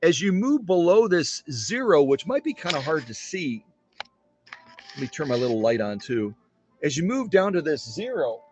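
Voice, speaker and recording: A man's voice: fairly high pitch, a little mellow. Chatty man demonstrating in a workshop. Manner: chatty, self-deprecating, spells words out slowly. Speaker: sewing machine restorer. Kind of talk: casual demonstration to camera.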